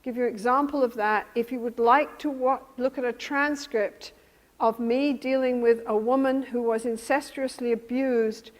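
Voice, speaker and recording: A therapy trainer lectures a room of therapists in a calm, measured, fairly high voice, slowing and softening when she role-plays soothing a client. A long reverb makes it sound like a lecture hall.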